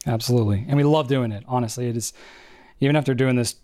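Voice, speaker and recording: A man co-hosting a casual podcast, explaining at length in an animated, rambling way. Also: medium pitch, fast. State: out of breath. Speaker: podcast co-host.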